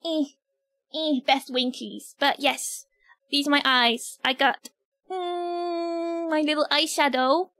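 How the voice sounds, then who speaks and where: A woman's voice: high voice, fairly even intonation, unhurried, pushed and bright, dry recording, clean studio sound. Giggly, nervous British woman streamer. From Britain. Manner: giggly and nervous, talking to chat. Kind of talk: casual livestream chat.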